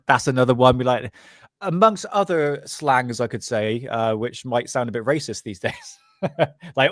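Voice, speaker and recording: A man with a Bristolian accent hosts a loose podcast chat, wandering off topic and laughing as he goes. His voice sits at an ordinary pitch for a man. The sound is dry and close, with no room behind it. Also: unhurried, no echo. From Bristol, England. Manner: rambling, laughs often. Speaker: podcast host. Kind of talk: casual chat.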